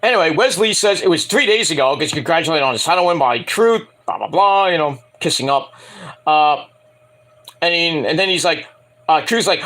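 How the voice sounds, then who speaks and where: A man's voice: fairly high pitch, expressive, moderate pace, a bit bright. A man reviewing a wrestling show at home in a casual, rambling rant, profane and mocking, often acting out quotes.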